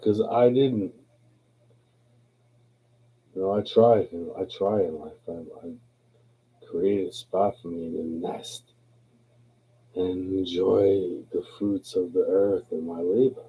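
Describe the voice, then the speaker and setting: He's a livestream host who's had a few drinks, speaking in a low, dark, husky voice as he chats aimlessly and curses casually. The audio quality is poor.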